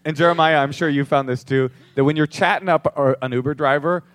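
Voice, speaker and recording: A man co-hosting a live comedy podcast on a theater stage, teasing guests with animated jokes. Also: fairly high pitch, fairly quick. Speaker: podcast co-host.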